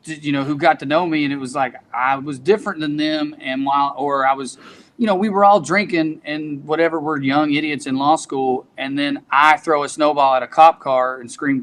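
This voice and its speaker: A man's voice: on the high side, moderate pace, a bit bright. A man in his thirties from East Tennessee with a local accent, chatting candidly as a comedian guest and telling stories in folksy quotes. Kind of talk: casual podcast chat.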